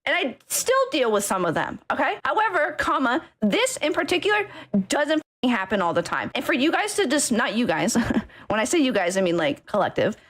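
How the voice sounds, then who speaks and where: A woman on a livestream who is plainly furious, her slightly high voice pushing through a rant full of swearing and repeated points. She keeps punctuating her sentences with a sharp okay and now and then breaks into shouting laughter. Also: big pitch swings, a little fast. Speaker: streamer ranting about a friend group. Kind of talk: emotional rant on stream.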